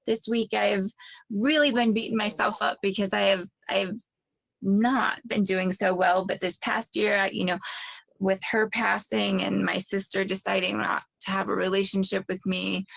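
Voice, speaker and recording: Gravelly hesitant woman in dry close sound. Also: mid-range voice, a bit bright, no echo. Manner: hesitant, restarts often, reflective. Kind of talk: casual chat.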